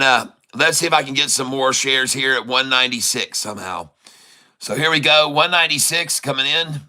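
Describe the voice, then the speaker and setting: Hoarse, bright-voiced man streaming trades. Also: medium pitch, poor audio. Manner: chatty, teasing, chuckles often, greets chat viewers. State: hoarse, losing his voice. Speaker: day-trading livestream host. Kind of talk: casual live trading commentary.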